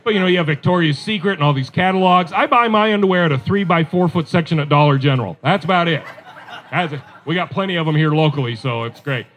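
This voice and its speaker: Man, stand-up comedy set, high voice, conversational, self-deprecating asides. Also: quick pace, fairly bright tone, a little hiss or hum.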